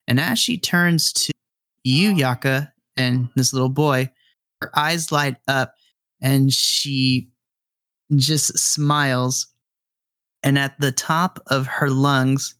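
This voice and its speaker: A man's voice: medium pitch, a bit bright, dry recording, studio quality. A man narrating a tabletop role-playing game as game master, describing scenes and explaining the setting.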